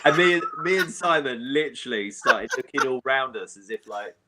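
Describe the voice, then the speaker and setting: A man's voice: mid-range voice, expressive, normal speed, over a noisy crowd. A man co-hosting a running podcast, chatting in an easygoing, reflective way. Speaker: podcast co-host. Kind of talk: casual chat.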